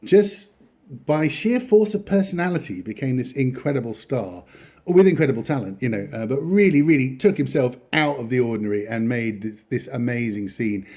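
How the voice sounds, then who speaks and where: Mellow-voiced chatty man. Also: medium pitch, lively intonation, normal speed. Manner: chatty, rambling, chuckles often. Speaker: podcast host. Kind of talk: casual chat.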